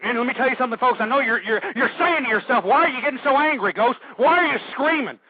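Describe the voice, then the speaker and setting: A man hosting a talk radio show, ranting and agitated and shouting at times. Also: very high voice, fast, few pauses. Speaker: radio host. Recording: dull lo-fi dry radio recording.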